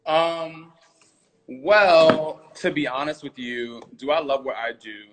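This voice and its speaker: A man's voice: a little high, slow pace, very noisy. A man being interviewed over a remote call, chatting in an easygoing, slightly scattered way. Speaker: guest. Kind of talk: casual interview chat.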